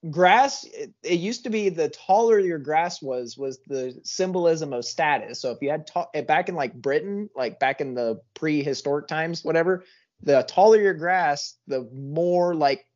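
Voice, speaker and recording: A man's voice: on the high side, moderate pace, darkish tone, muffled recording. A man co-hosting a casual podcast chat, rambling and asking curious questions. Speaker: podcast co-host.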